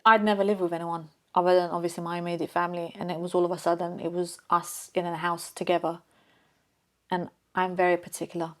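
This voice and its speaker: A woman's voice: fairly low pitch, level tone, fast. A woman chatting as an interview guest, talkative and self-deprecating, easily breaking into laughter. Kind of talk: casual conversation.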